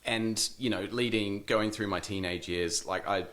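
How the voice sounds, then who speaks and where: A man's voice: on the low side, steady tone, unhurried, a bit bright. A man in his thirties with a New Zealand accent, an interview guest talking casually and hesitantly, with many ums and restarts.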